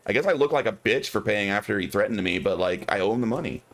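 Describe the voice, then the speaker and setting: Low, lively male game streamer. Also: quick pace. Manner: chatty, musing aloud to chat. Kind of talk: casual gameplay commentary.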